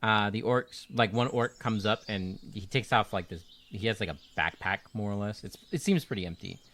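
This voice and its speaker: A man narrating a tabletop game as game master, relaxed and joking. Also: fairly low pitch, moderate pace, slight background noise.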